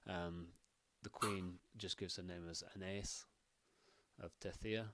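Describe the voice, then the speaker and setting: A man's voice: deep voice, steady tone, measured pace, very noisy. A man narrating as game master, rambling with many fillers.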